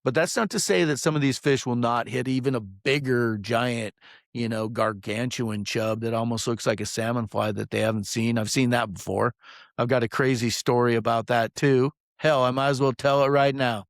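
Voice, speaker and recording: A fishing guide talks casually into a close mic, rambling and swearing as he tells his story. His voice sits at a middle pitch for a man. The sound is dry, with no echo. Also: fairly even intonation, moderate pace. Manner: rambling, profane, many "um"s.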